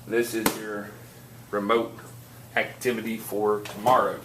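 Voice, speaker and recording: A male teacher, talking to a classroom and spinning a story with plenty of energy. He is picked up from across an echoey room, and the recording carries a steady background noise. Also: fairly low pitch, unhurried. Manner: animated storyteller, laughing while telling. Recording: echoey classroom from far off, noisy.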